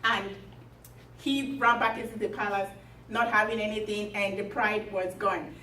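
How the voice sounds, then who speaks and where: A woman retelling a fairy tale to a group, chatty and lively with many fillers. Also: mid-range voice, normal speed, a little hiss or hum. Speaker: storyteller. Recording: echoey room from far off.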